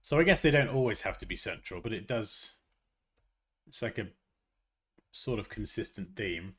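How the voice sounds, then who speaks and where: A man's voice: fairly low pitch, animated, normal speed, slightly rough. A man hosting a design livestream, thinking aloud as he works and tossing out teasing, jokey asides, on a close desk mic.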